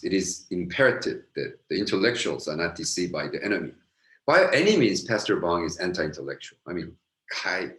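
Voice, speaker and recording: Deep-voiced pastor preaching. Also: male voice. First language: Korean. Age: middle-aged. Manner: animated, earnest, swings from loud emphasis to soft asides. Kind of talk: Bible lecture sermon. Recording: roomy echo.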